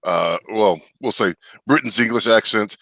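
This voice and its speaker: A man with a low, bright, forceful voice, chatting casually and rambling through his points. He trips over his words and restarts a lot. The sound is dry and close. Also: normal speed, dry recording, low-quality recording. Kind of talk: casual chat.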